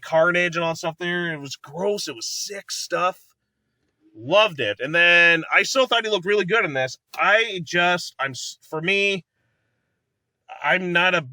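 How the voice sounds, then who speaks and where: Male reviewer, fairly high bright voice, rambling eager fan talk, dry close sound. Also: no echo. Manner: rambling, enthusiastic, laughs often, acts out movie lines. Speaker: movie reviewer. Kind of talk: casual movie review chat.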